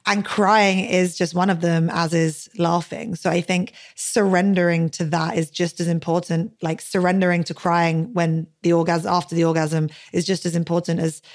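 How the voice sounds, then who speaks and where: A young woman hosts a podcast in an easygoing, chatty way. Her voice sits a little low for a woman. She peppers her talk with "like" and drops casual swear words. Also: little pitch movement, normal speed, few pauses. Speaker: podcast host.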